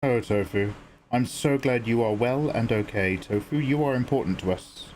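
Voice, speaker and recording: A man's voice: mid-range voice, normal speed, darkish tone, a little hiss or hum. Rambling British man chatting on stream. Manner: rambling, chatty storytelling with casual swearing. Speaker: art streamer. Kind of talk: casual live-stream chat.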